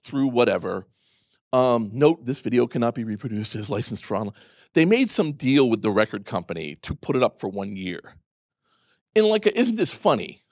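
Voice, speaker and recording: A man giving a conference talk, telling stories in a sarcastic, profane, ranting way, dropping to low mutters and then jumping to loud outbursts. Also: no room sound, studio quality. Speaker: conference speaker.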